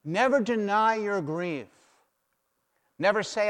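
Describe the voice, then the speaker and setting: Slow, emphatic male preacher in echoing hall. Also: high voice, expressive. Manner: emphatic, repeats key phrases. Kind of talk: sermon. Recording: long hall reverb.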